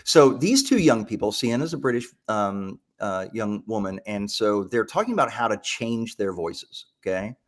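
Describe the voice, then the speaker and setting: A man presenting a live software demo, talking enthusiastically, with lots of ums and restarts. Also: fairly low pitch, expressive, moderate pace, few pauses. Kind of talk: live product demo talk.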